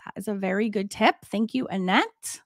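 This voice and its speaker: A woman's voice: medium pitch, normal speed, dry recording. A woman in her forties, an art teacher hosting a livestream, chatting casually with many fillers and laughs.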